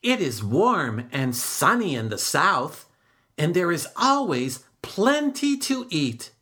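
A woman's voice: lowish voice, very animated, slow pace, a bit bright, pitched above the performer's own voice, heavily acted. Woman voicing a flock of firm birds. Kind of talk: storybook read-aloud.

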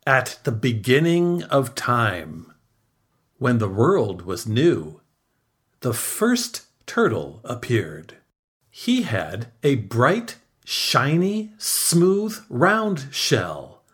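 A woman reading a children's folk tale aloud, slow and expressive, her pitch swooping on key words. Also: slightly rough. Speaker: storyteller. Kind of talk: storybook read-aloud.

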